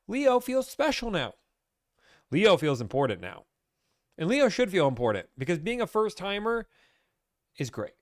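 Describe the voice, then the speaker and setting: A man's voice: high-pitched, very animated, moderate pace, dry recording, studio quality. A man hosting a casual livestream, hyped and playful, talking straight to his live chat. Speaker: livestream host.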